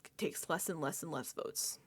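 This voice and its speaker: A woman's voice: deep voice, normal speed, husky. A woman hosting a casual reality TV recap, talking animatedly, laughing often and acting out quoted lines.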